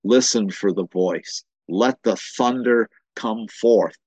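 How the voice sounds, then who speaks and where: A man's voice: fairly low pitch, slow pace, darkish tone, breathy edge, no echo, highs cut off. A man preaching a sermon as pastor, impassioned, often repeating words as he builds to a point.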